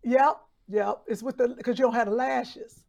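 A woman with a Cleveland accent, chatting casually as a co-host, teasing and given to loud exclamations. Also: on the high side, fairly even intonation, moderate pace, gravelly, muffled recording. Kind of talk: casual chat.

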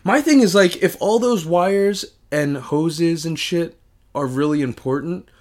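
A man's voice: fairly high pitch, measured pace, a little mellow. Young man rambling in casual banter. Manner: rambling, swears a lot, restarts often. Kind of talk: casual chat.

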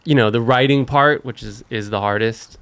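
Relaxed, rambling male podcast guest. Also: mid-range voice, moderate pace, gravelly, clean tone, no room sound. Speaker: guest, author and skateboarder. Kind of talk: casual interview chat.

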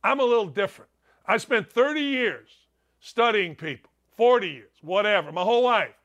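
A man's voice: high voice, animated, normal speed, a bit bright, muffled recording. An older man hosting a sports talk show, delivering a blunt, combative, ranting monologue.

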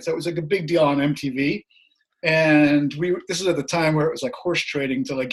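A middle-aged man, a guest musician, telling anecdotes in a casual, animated way over a video call, his voice a little hoarse. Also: fairly high pitch. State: slightly hoarse. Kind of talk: casual storytelling.

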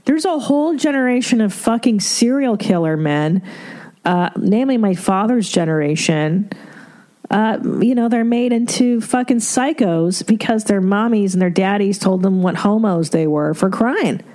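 This middle-aged woman speaks at a normal speed in a mellow, mid-range voice. As the host of an advice podcast, she delivers a casual monologue that's blunt and profane, full of laughter and rhetorical asides.

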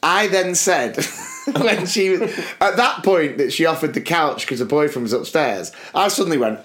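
A British man spins a long personal story on a casual podcast, laughing his way through it. His voice sits a little high for a man, and he acts out the other people in the tale. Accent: British English. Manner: laughing, animated anecdote telling. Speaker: podcast co-host.

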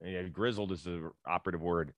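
A man's voice: deep voice, fairly quick, no room sound. A man hosting a podcast, trading casual banter and plugging upcoming episodes with a chatty manner. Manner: chatty, hypes guests and sign-offs. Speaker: podcast host.

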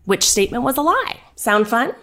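A woman's voice: on the high side, very animated, moderate pace, fairly bright tone. A young adult woman hosting a podcast trivia game, chatty and full of filler words. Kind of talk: casual podcast chat.

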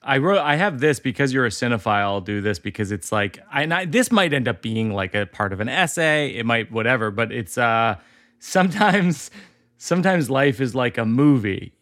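A man hosting a casual interview conversation, telling stories and jokes in an animated way and laughing through his own punchlines. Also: mid-range voice, normal speed, no echo, studio quality. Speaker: host.

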